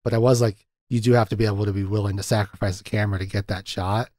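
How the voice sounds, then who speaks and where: A male podcast host with a lowish, steady, slightly mellow voice talks fast in a casual film chat, laughing often and acting out scene quotes as he retells them. The sound is clean studio audio with no room echo.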